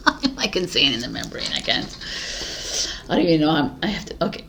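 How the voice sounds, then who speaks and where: A woman's voice: low-pitched, huge pitch swings, measured pace, creaky, long pauses, noisy background. A woman tarot reader talking casually to her viewers, laughing at herself and losing her train of thought. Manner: giggly, scattered, laughing at herself. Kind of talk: casual spoken tarot talk.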